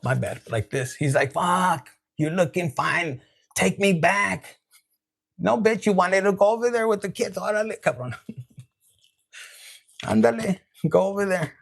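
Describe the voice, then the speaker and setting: Male tarot reader with a raspy voice, casual and profane, peppers his reading with Spanish slang. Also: sits high. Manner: loose, profane and laughing, with Spanish slang asides.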